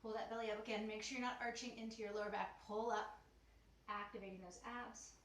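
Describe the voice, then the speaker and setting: A woman's voice: medium pitch, little pitch movement, a little fast. A woman teaching a beginner Pilates mat class at home, slightly out of breath, cueing moves and counting reps in an encouraging, chatty way. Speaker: Pilates instructor. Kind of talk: guided mat workout cueing. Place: home room. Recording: echoey room, faint ambient noise.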